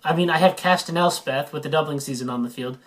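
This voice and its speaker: A woman as a guest in a casual card-game chat, confident and explaining her choices calmly. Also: low-pitched, fast. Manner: confident, explains with calm reasoning.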